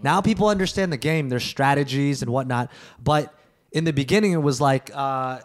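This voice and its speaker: A man's voice: medium pitch, normal speed. A man co-hosting a casual group podcast, rambling with many restarts and fillers. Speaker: podcast co-host.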